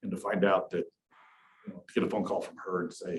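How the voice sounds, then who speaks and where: A middle-aged man directing a university accessibility office, giving a workshop presentation to an audience in a candid, conversational way with dry, dark humor. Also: sits low, flat delivery, fast, roomy sound, poor audio.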